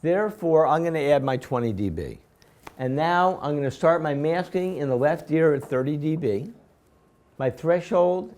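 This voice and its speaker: A man's voice: medium pitch, darkish tone. A man teaching a class, walking through a procedure step by step and repeatedly quizzing his students with questions. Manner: step-by-step, repetitive explaining. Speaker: instructor. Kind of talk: classroom lecture.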